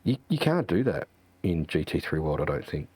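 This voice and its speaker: A man's voice: very deep voice, very animated, moderate pace, a little mellow, breathy edge, no echo. A man, a sim racing streamer, chatting casually and ranting with lots of profanity and fillers. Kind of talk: casual chat.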